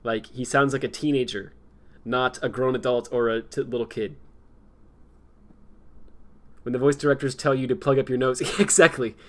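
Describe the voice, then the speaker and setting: A young man talks loosely on a livestream, circling his points with fillers and frequent laughs. His voice sits at an ordinary middle pitch. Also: steady tone, moderate pace, pauses often. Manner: rambling, laughs often, lots of fillers. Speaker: streamer. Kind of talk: casual chat.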